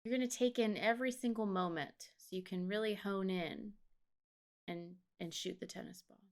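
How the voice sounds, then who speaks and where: A woman co-hosting a podcast who chats casually and talks slowly and soothingly as she leads a guided meditation. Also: mid-range voice. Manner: slow, measured, soothing delivery. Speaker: podcast co-host.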